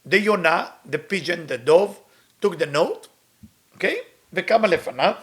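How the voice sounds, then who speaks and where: Man, high voice, quick, reads then explains in English. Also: expressive, a bit bright. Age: middle-aged. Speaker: Kabbalah teacher. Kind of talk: storytelling lesson with translation.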